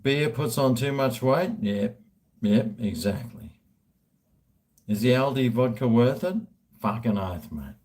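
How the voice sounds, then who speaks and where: A man's voice: medium pitch, animated, a little slow, long pauses, a little mellow. A middle-aged Australian man chatting casually, rambling and joking crudely. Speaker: vlogger answering viewer questions. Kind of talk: casual chat.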